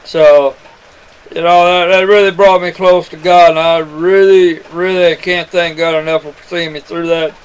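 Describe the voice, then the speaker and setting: A man's voice: fairly high pitch, level tone, unhurried, clear, resonant tone, low-quality recording. A man telling a personal testimony to his webcam, rambling and earnest, calling the listener son. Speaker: webcam storyteller.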